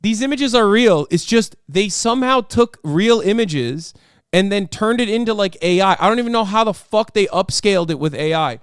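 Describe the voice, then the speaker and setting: A man's voice: sits high, expressive, moderate pace, clear, resonant tone, no room sound, clean studio sound. A man hosting a stream, giving casual political commentary in a heated, profane way. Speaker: streamer host.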